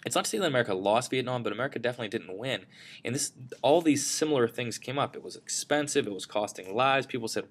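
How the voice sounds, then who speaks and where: A man's voice: mid-range voice, animated, quick pace. A man teaching a history lesson over slides, in a casual way with frequent fillers and self-corrections.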